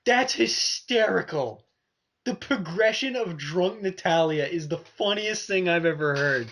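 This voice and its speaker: A man's voice: sits high, expressive, measured pace, fairly bright tone. A man co-hosting a casual review podcast, joking and swearing freely. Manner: joking, swears, laughs a lot. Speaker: podcast co-host.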